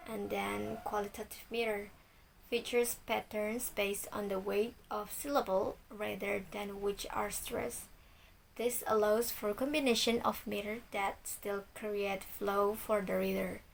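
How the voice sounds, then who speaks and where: Young woman student presenter, gravelly edge, faint noise behind; steady recital of examples. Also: medium pitch, unhurried, low-quality recording. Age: young adult. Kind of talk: reading a class presentation.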